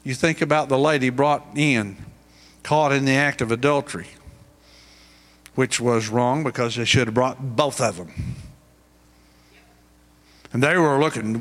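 A man's voice: mid-range voice, a little slow, pauses often, a bit bright. A middle-aged male pastor preaching a sermon, pressing his points with rising, emphatic questions.

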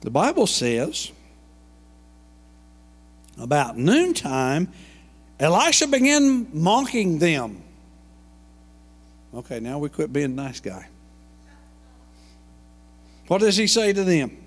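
A male pastor preaching in a folksy, storytelling way, with a slightly high voice. His words ring out in a long church reverb. He breaks off into homey asides as he goes. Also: sing-song, measured pace, pauses often. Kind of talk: sermon. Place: church sanctuary.

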